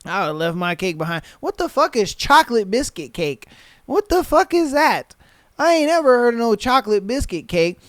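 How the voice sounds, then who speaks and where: A man's voice: extremely high pitch, very animated, fairly bright tone, dry recording, clean studio sound. A man hosting a podcast, reading listener stories aloud and reacting with slangy, profane jokes and frequent laughter. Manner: laughs often, slangy and profane, mimics people in quick voices. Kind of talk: casual podcast commentary.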